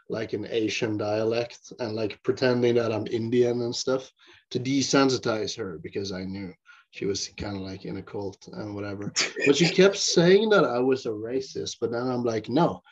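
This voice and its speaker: A man co-hosting a podcast in casual chat, provocative and often clearing his throat. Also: mid-range voice, moderate pace. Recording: dull lo-fi recording.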